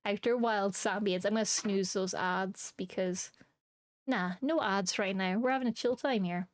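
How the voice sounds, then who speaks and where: A woman streamer keeps a live-stream chat with viewers light, joking and laughing often, playful and giggly and silly. Her mid-range voice moves at a moderate pace on a dry recording.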